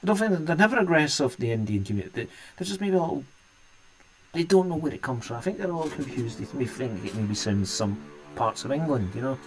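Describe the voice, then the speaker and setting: A man's voice: medium pitch, lively intonation, quick pace, soft background music. A Scottish man hosting a live stream and chatting casually with viewers, rambling and restarting his sentences often. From Scotland. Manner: rambling, hesitant, many restarts.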